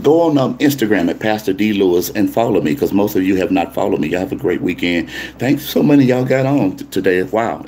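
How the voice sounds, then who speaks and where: Brief: male pastor, very low voice, playful livestream sign-off, faint background hiss. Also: a little mellow. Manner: playful, teasing, talks to chat comments. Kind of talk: casual livestream sign-off to viewers.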